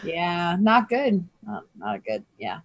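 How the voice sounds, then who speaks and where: A woman's voice: lowish voice, sing-song, slow pace, dry recording. A woman playing a tabletop game, reacting with jokes and laughter. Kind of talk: casual game chat.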